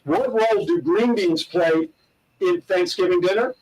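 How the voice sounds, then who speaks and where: Upbeat co-host, man, high voice, sitting a little off the mic, playful joke teller. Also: wildly swooping pitch, measured pace, vocal fry, darkish tone, far from the mic, low-quality recording. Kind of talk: casual talk show banter telling dad jokes.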